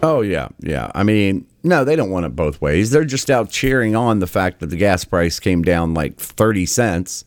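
A man's voice: sits low, sing-song, moderate pace, hardly any pauses, no echo. A man hosting political commentary over clips, sarcastic and exasperated, mocking what he plays.

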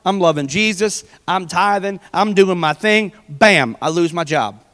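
A male pastor delivers a sermon in a chatty, storytelling manner. His voice sits high for a man. It rings out with a long reverb in a church hall. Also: lively intonation, a little slow, a bit bright. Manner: conversational preaching with personal stories.

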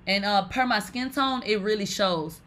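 A woman's voice: medium pitch, moderate pace. A woman hosting a live stream, telling stories to viewers in a loose, rambling way, swearing constantly and calling her audience "bitch". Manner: animated, profane, swears and calls listeners "bitch" often; rambling, with many fillers like "like". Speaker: livestream host. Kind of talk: casual storytelling to viewers.

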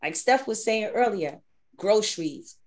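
Unhurried and mid-range, this woman's voice belongs to a faith podcast co-host from the Bronx, New York. In casual conversation she gets animated, dramatizing her inner dialogues with God.

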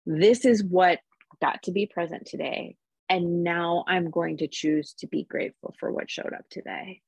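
A woman's voice: fairly low pitch, moderate pace, vocal fry, breathy edge, no room sound. A woman who works as a Reiki practitioner, talking reflectively in a casual podcast conversation with many fillers. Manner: warm reflective speech with frequent laughs and fillers.

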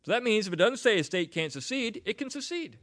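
A man's voice: high-pitched, sing-song, fast talker, a bit bright. A man who grew up in Delaware, hosting a podcast and giving solo commentary on readings in a conversational, think-aloud way. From Delaware, United States. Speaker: podcast host.

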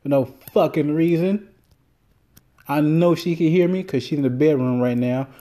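A man hosting a solo podcast, rambling and cursing freely as he tells stories in a casual, animated way. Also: fairly high pitch, normal speed. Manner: profane, rambling, animated storytelling. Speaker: podcast host.

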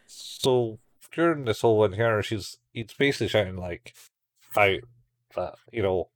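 A man's voice: fairly low pitch, measured pace, no echo, clean studio sound. A man chatting casually as a podcast co-host, recapping a show and swearing freely. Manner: laid-back, swears casually, acts out characters' lines.

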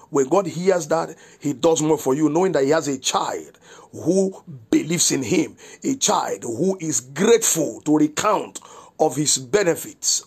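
Husky-voiced pastor preaching. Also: male voice, a little high, a little mellow. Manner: solemn, declaring prayers and repeating rhetorical questions. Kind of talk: broadcast devotional sermon and prayer.

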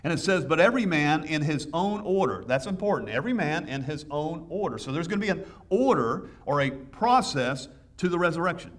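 A pastor preaching with eager, conversational energy, often stumbling over his words as he restarts sentences. His voice sits fairly high for a man and sounds a bit far from the microphone, as if he moves around the pulpit. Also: animated, a little fast, few pauses. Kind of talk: sermon. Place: church sanctuary.

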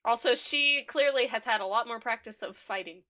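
Bright-voiced woman podcast co-host. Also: a little high, normal speed. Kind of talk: casual book chat.

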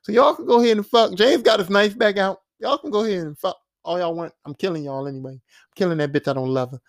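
A cold, detached teenage boy with a quiet, flat menace, as a man puts him on. The voice is fairly high for a man and recorded dry and close. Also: quick pace, vocal fry, no echo.

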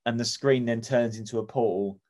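A man's voice: mid-range voice, steady tone, a little fast, a little mellow. A man chatting casually, rambling enthusiastically with many restarts. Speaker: podcast co-host. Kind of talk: casual comedic chat.

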